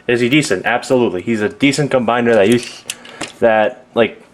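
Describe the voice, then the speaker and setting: A man's voice: medium pitch, fairly quick, a little hiss or hum. A man giving a casual, rambling toy review, often correcting himself mid-sentence. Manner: rambling, self-correcting, offhand.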